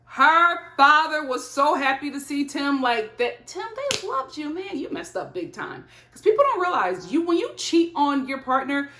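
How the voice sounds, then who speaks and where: A woman hosting a casual reality TV recap, talking in an animated, gossipy way with frequent laughs. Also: high-pitched, echoey room.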